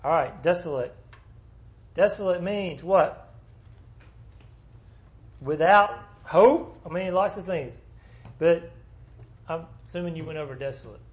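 A man's voice: fairly high pitch, moderate pace, long pauses, darkish tone. A man teaching a small Bible class in a conversational way, asking the group questions as he explains the passage.

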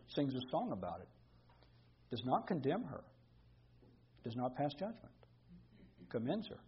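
Emphatic preacher man, husky voice. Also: medium pitch, muffled recording. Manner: reads scripture then explains, emphatic repetition. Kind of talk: expository sermon.

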